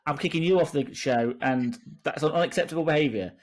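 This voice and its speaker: A man's voice: fairly high pitch, fast. A man co-hosting a podcast in casual chat, jokey and sweary as he tells stories. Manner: animated, jokey, sweary storytelling. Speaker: podcast co-host.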